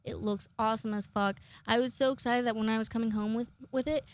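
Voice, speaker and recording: A young woman with a slightly high voice hosts a casual solo podcast. She rambles loosely, swears freely and keeps amusing herself as she talks. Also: fairly even intonation, quick pace. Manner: rambling, swearing, self-amused. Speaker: podcast host.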